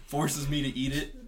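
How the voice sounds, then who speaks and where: A young man co-hosting a casual podcast, telling stories with lots of swearing and laughter. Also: fairly high pitch. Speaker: podcast co-host. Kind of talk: casual storytelling.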